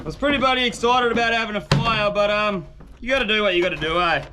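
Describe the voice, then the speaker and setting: A man's voice: high voice, expressive, fast talker. A young Australian man chatting casually to camera in laid-back slang by a windy roadside. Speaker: outdoor vlogger. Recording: outdoor wind and passing traffic noise.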